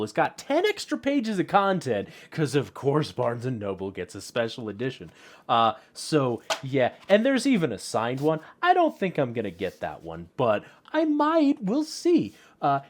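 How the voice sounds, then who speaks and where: A man hosting a casual vlog about his collectibles, talking in a playful, self-mocking way with many fillers and restarts. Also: fairly high pitch. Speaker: YouTube host.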